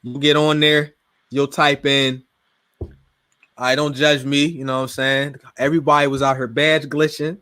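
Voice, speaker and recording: A young man from Pittsburgh with a Pittsburgh accent, chatting casually as a podcast guest, slangy and relaxed, often trailing off quietly. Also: medium pitch, measured pace, long pauses. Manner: relaxed, slangy, drifts quieter at phrase ends. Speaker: guest gamer and streamer.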